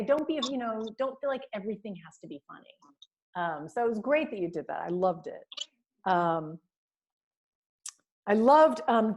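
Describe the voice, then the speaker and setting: A woman teacher speaks over a video call, giving feedback to her voice class. Her pitch sits mid-range, and she talks in an enthusiastic, rambling way, full of ums and little laughs. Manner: warm praise, frequent fillers and laughs. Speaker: voice and diction teacher.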